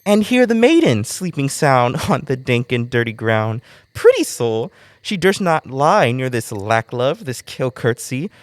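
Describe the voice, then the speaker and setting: A man's voice: mid-range voice, very animated, measured pace, no echo. An actor playing a mischievous male sprite in a college stage play, speaking in playful rhymes. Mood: impish.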